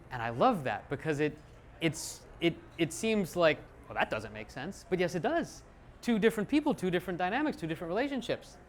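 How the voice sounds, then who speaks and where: A middle-aged man giving a live talk as a psychologist, lively and self-deprecating, acting out little quotes. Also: a little high, slight background noise.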